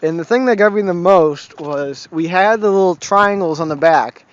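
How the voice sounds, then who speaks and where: A young man with a high-pitched voice rambles through a casual vlog, swearing often and laughing at his own complaints. He drifts from story to story without much structure. The audio is dull and lo-fi, with faint background noise. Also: moderate pace. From Massachusetts. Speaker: vlogger.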